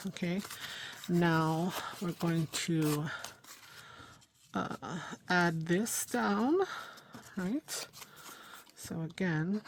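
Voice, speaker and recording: A woman chats through a live crafting session. Her voice sits a little low. Faint noise and small clicks run underneath her rambling, self-deprecating talk. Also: a little mellow. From New York, USA. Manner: chatty, thinks aloud while working, frequent fillers; self-deprecating, laughs at herself. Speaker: craft channel host. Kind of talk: casual crafting livestream.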